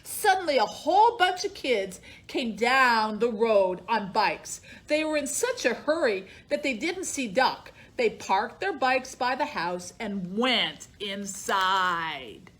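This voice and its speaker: A woman's voice: on the high side, big pitch swings, slow pace, hardly any pauses, a bit bright. A woman librarian reading a picture book aloud to children, in a sing-song storytime voice that acts out the animals.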